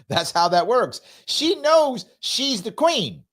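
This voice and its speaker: A male host reacting live to political clips. He is sarcastic and mocking, and his pitch swings widely as he talks, from low mutters to high jabs. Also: very animated, takes it slowly, few pauses, fairly bright tone.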